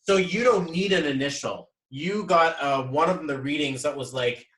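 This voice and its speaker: A man's voice: a little high, normal speed, a bit bright, reverberant, poor audio. Effusive man hosting a video call. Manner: upbeat, effusive, rambling. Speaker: numerology coach hosting a group call. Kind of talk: casual group video call.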